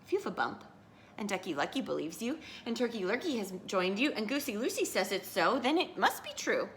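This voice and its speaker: A skeptical rooster from a picture book, questioning everyone before going along with them, voiced by a woman reading aloud. The voice is bright with a gravelly edge, and its pitch swoops up and down. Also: big pitch swings, a little fast, slight background noise. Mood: doubtful. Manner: doubtful, questioning. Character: skeptical rooster perched on a branch.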